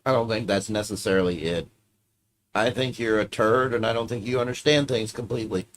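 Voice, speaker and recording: A man's voice: on the low side, brisk, a little hiss or hum. A man streaming casually, reacting to clips with offhand, profane commentary.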